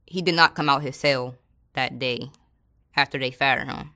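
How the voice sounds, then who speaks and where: A woman's voice: a bass voice, normal speed, pushed and bright. A woman, a former corrections officer, telling a story in a colloquial, casual way and acting out the people she quotes.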